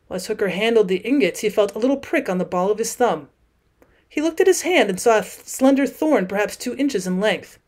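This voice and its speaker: Woman teacher reading a classic story aloud, steady and clear, mid-pitched. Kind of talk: audiobook narration.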